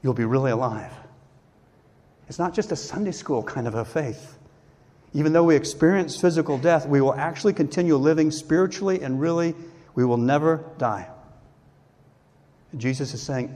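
A man's voice: on the high side, moderate pace, a little mellow. A man preaching a sermon, earnest and emphatic, acting out the people he quotes. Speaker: pastor. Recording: long hall reverb.

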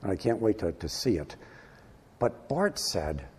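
A man delivering a sermon, his voice warm and low in brightness with a husky edge. He preaches with emphatic swells, leaning slowly on important words before dropping back to a quieter tone. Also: very animated. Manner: emphatic preaching with rising and falling delivery, slow stresses. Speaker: pastor.

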